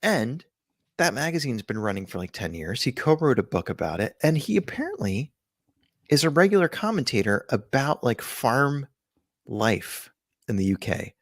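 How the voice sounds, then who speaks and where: A podcast co-host with a medium-pitched voice rambles through jokey stories in casual chat, his pitch swinging widely at a moderate pace. The studio sound is clean with no echo.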